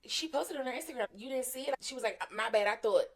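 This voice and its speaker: A woman co-hosting a podcast in casual chat, telling a story with lively voices for each person in it. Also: fairly high pitch, fast. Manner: animated storyteller, acting out the people in her stories. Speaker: podcast co-host.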